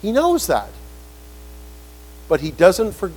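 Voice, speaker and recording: A man preaching a sermon in an animated way, acting out quoted voices with emphatic rises. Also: high-pitched, slow pace, slightly rough, rough recording.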